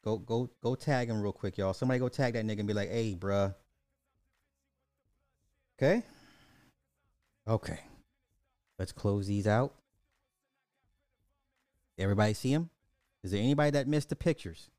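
A man hosting a casual livestream, reading chat questions in an animated, slangy way with lots of repetition and swearing. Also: fairly low pitch, moderate pace, pauses often, no room sound, clean studio sound.

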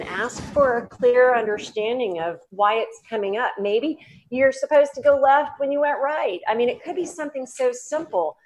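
A woman with a Southern accent, a psychic medium talking as a guest in an interview, animated and laughing, with many fillers and restarts. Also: on the high side. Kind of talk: casual interview talk.

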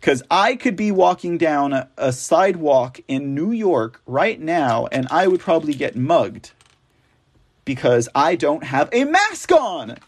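A man's voice: a little high, sing-song. A man hosting a political news show, reading stories aloud with sarcastic, rambling, mocking asides. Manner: slow, drawn-out delivery.

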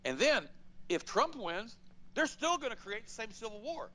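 A middle-aged radio talk show host delivers political commentary in a conversational monologue, speaking bluntly, emphatically, and with animation at a normal speed. He pitches up sharply for stress and acts out quotes in his stories. The recording quality is low.

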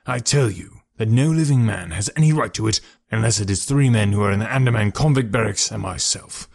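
A man reads the part of a bitter, defiant middle-aged ex-convict, in the style of a storybook reading. His voice is low, steady, brisk and creaky, charged with raw passion.

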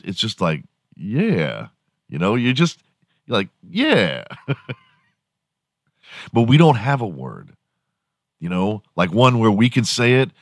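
A man in his forties hosts a solo comedic podcast, ranting crudely and laughing at his own jokes. His voice is mid-range with a fairly bright tone, recorded dry and at studio quality.

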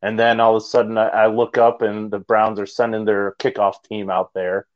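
Low-voiced man on dull lo-fi audio. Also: level tone, moderate pace. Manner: rambling, conversational, hesitant. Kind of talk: casual sports chat.

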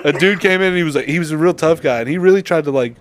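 A man's voice: on the high side, racing. A young man co-hosting a podcast, bantering in a profane, teasing way and laughing often. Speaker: podcast co-host. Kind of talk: casual banter.

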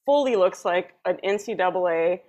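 A woman's voice: fairly low pitch, lively intonation, moderate pace, a little mellow. A woman co-hosting a podcast chat, telling stories and teasing her co-host with crude jokes. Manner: joking, teasing, crude asides. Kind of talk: casual chat.

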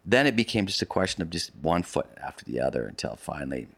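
A man's voice: very deep voice, very animated, fast talker, gravelly, fairly bright tone, husky, no echo. A man being interviewed, telling a long story in casual conversation. He rambles, restarts his sentences often and adds vivid asides. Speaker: interview guest recounting a polar expedition.

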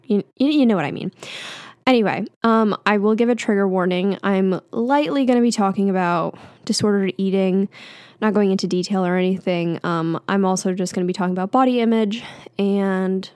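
A young woman in her twenties hosts a solo podcast, chatting candidly with fillers and small laughs. Her medium-pitched voice is brisk and somewhat dark, recorded cleanly with no echo.

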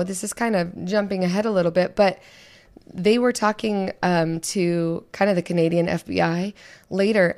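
A woman co-hosting a podcast in casual chat, talking quietly while losing her voice. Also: mid-range voice. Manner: quiet, conversational, filler-heavy. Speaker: podcast co-host.

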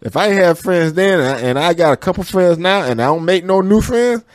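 A man's voice: sits high, animated, a little fast, no echo. A man co-hosting a podcast in a studio, bantering playfully, repeating lines and trying out silly voices. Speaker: podcast co-host. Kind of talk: casual banter.

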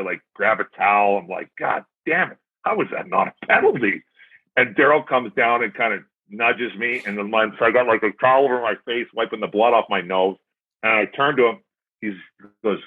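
A man's voice: lowish voice, husky. A man, a former hockey player, telling stories in casual chat as a podcast guest and acting out his own past remarks. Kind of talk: casual storytelling. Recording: tinny phone-like sound.

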